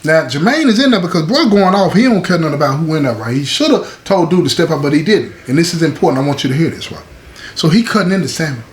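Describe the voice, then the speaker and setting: A man's voice: fairly high pitch, animated, fast talker. A man hosting his own show, telling a story in a casual, conversational way, often checking in with "right?". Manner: conversational, frequent "right?" and "you know what I'm saying". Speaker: host. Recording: echoey room with faint ambient noise.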